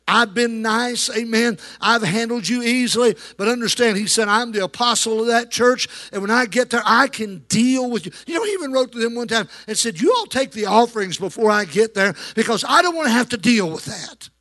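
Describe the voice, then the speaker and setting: A man's voice: very high voice, expressive, a little fast, hardly any pauses, sharp tone. A male pastor preaching a sermon, calling out to the congregation for amens as he goes. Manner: preaching with call-and-response to the congregation. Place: church.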